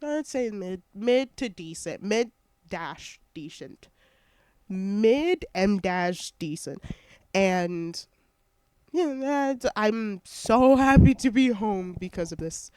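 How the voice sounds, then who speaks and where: Congested young vlogger rambling slowly. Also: mid-range voice, expressive, darkish tone, clear, resonant tone, no echo. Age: young adult. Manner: rambling, heavy on fillers, self-interrupting. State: congested and sniffling. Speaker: college student vlogger. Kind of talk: casual rambling chat. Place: at home. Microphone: headset microphone.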